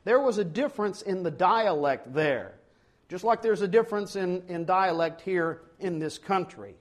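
A man's voice: high voice, animated, moderate pace. A man preaching a sermon, acting out the quoted dialogue dramatically. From not from Ohio; lives in Ohio.

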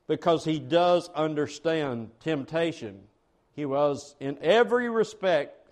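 Male preacher, high-pitched, earnest and emphatic, repeats phrases for weight. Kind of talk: sermon.

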